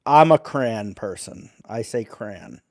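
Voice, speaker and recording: A man's voice: lowish voice, animated, slow, no room sound, clean studio sound. A man hosting a casual live stream, reading letters aloud and greeting chat viewers.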